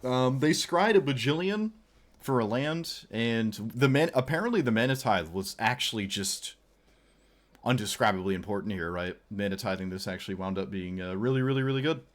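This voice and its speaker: A man's voice: medium pitch, animated, moderate pace. A man streaming a card game, giving playful, joking commentary and talking at his opponent. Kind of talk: casual gameplay commentary.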